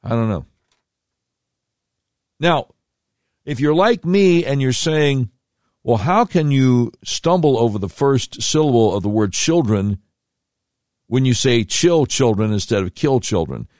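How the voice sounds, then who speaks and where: A man's voice: medium pitch, animated, measured pace, pauses often, darkish tone, no echo, studio quality. A man hosting a podcast, giving rambling, sarcastic commentary with slangy asides. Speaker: podcast host.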